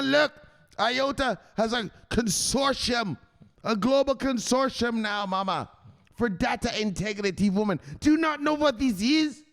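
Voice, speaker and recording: A man putting on a shrill, bossy son. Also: heavily acted. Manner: loud, bossy, lecturing. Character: grown son, hardcore crypto investor scolding his mother.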